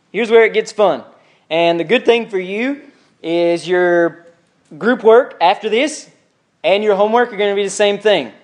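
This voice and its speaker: A man teaching a church Bible class in a conversational way, asking the class questions and reading scripture aloud with emphasis. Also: high voice.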